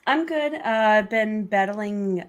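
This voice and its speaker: A woman panelist chatting casually with many fillers, her voice still rough from being ill. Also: mid-range voice, takes it slowly, highs cut off. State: voice recovering from illness, rough.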